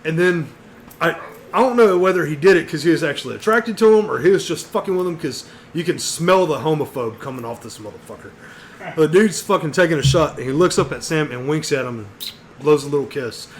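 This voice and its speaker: A man's voice: fairly high pitch, expressive, brisk, slight background noise. A man telling a long story on a casual podcast, swearing constantly and saying "dude" and "bro" a lot. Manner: profane, rambling, says "dude" and "bro" a lot. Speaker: podcast co-host.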